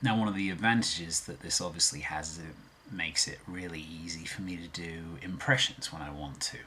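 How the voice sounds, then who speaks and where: A man's voice: sits low, expressive, normal speed, sharp tone, breathy edge. A man in his twenties with a Birmingham accent, rambling in a self-deprecating way in a casual vlog. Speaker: vlogger.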